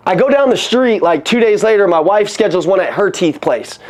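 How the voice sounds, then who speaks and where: A man coaching salespeople on a call, energetic and profane, acting out customer conversations. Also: high-pitched, brisk. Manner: energetic, swears, acts out customer dialogue.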